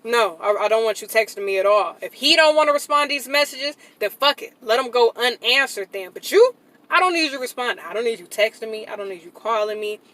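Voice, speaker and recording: A woman speaking to camera in a blunt, profane, emphatic rant, swinging into loud outbursts. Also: fairly high pitch, expressive, fairly quick, poor audio. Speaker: vlogger. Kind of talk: casual venting monologue.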